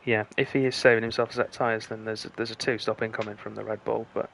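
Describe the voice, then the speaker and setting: A man commentating live on an online racing stream, calling the action in a brisk play-by-play manner. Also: fairly low pitch, creaky, a little hiss or hum. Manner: brisk play-by-play, rising excitement at close finishes. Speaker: lead commentator.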